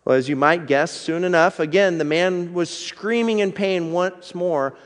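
A male pastor preaches in an earnest, conversational way, slowing down to press his points. His voice sits slightly high. It rings out in a church with a long reverb tail. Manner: earnest, conversational, slows down for emphasis. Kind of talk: sermon.

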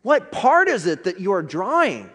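A man's voice: high-pitched, wildly swooping pitch, normal speed, fairly bright tone, slightly rough, voice pushed up, full character voice. A man voicing a frightened young man who pleads and whimpers in pain, in a storytelling sermon with long reverb. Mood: pleading. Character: frightened young man getting a lion tattoo.

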